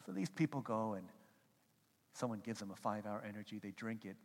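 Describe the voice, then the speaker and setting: A male pastor preaching a sermon, telling animated stories and acting out quotes as he goes. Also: lowish voice, fairly quick. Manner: animated storytelling with acted-out quotes. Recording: long hall reverb.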